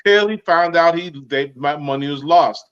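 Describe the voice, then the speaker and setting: A man's voice: on the high side, moderate pace, crowd noise. Man on dull, lo-fi audio. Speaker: podcast panelist. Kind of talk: casual film discussion.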